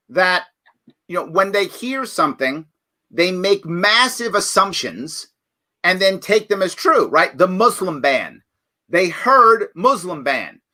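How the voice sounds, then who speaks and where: A man's voice: high-pitched, sharp tone. A man hosting a live-stream chat show, talking casually and animatedly, often laughing and rambling. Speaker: host.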